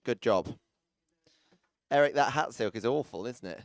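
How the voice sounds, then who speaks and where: A man's voice: medium pitch, expressive, normal speed, dry recording. Chatty man announcing arena riders. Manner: chatty, teasing, jokey asides to people around the arena. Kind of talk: live event commentary.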